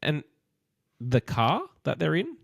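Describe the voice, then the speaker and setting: A man recapping a TV show in casual chat, acting out scenes in quick quoted voices. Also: a little high, wildly swooping pitch, vocal fry, no echo, studio quality. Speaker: podcast co-host.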